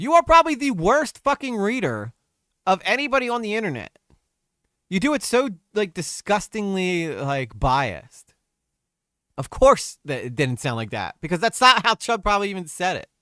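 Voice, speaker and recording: A man's voice: high-pitched, fairly bright tone, dry recording, studio quality. A man commenting on a stream, crude and exasperated, mocking what he reads.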